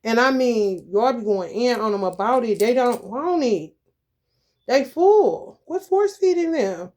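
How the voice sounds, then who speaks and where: Blunt, foul-mouthed woman with a high voice. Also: a little mellow. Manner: blunt, profane, rambling, calls listeners honey. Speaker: tarot reader. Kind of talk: casual advice monologue.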